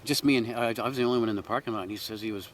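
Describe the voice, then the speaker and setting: A man in a casual chat who tells field stories in an animated way and acts out the voices of the people he quotes. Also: on the low side, racing, a crowd in the background. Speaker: Sasquatch researcher.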